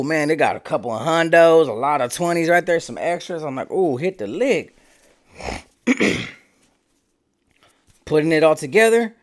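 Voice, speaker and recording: Slangy man telling a lively story. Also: fairly high pitch. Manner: animated retelling, acting out his own and others' quoted lines; slangy, repeats words and restarts. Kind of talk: first-person storytelling.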